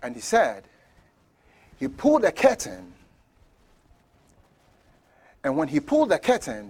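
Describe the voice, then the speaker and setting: Guy preaching a sermon, kinda high voice, bounces all over, goes loud then real quiet, little laughs. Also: moderate pace, creaky, husky. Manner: animated storytelling, swings from loud shouts to near-whispers; chuckles between points. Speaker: pastor.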